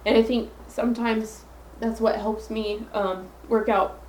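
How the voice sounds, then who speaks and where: A woman's voice: fairly high pitch, flat delivery, measured pace, darkish tone, reverberant, slight background noise, rough recording. A woman hosting her own podcast alone, talking earnestly into her phone and rambling through self-affirmations. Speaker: podcast host. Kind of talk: solo podcast monologue.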